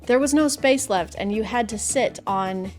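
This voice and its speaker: A woman's voice: on the high side, normal speed. A young woman doing sarcastic, exasperated comedic commentary as she reacts to stories she reads aloud. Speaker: reaction content creator. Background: music playing underneath.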